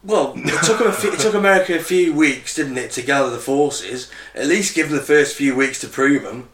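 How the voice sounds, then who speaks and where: A man's voice: medium pitch, fairly quick, fairly bright tone, roomy sound. A man co-hosting a podcast in casual chat, easygoing and trusting. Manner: easygoing, trusting, says "innit". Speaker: podcast co-host.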